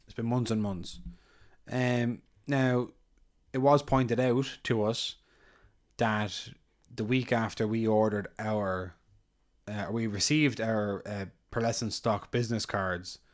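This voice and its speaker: A man's voice: lowish voice, steady tone, takes it slowly. A man co-hosting a casual podcast, rambling with lots of ums and restarts. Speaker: podcast co-host.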